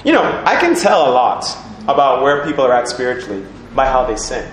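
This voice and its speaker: A man preaching a lively sermon in a church, animated, breaking into sung lines and laughter, asking the congregation questions. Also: medium pitch, fairly quick. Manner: animated, sings snatches, laughs, asks the crowd questions. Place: church hall. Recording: echoey church with congregation responding.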